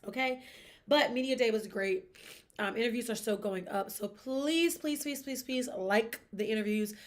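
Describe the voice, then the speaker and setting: Young woman hosting a sports podcast, chatty and expressive, lots of emphatic asides. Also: on the low side. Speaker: podcast host. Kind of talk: casual sports gossip chat.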